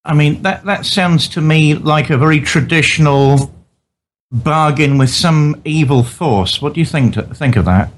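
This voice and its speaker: A man interviewing a guest, asking polite, measured, probing questions. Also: a little high. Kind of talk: interview conversation.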